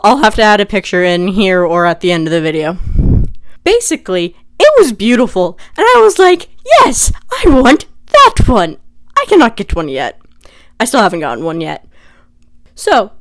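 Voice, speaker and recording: A young woman casually retelling a story for her vlog, chatty and animated, full of "like". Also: mid-range voice, clean tone. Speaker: vlogger.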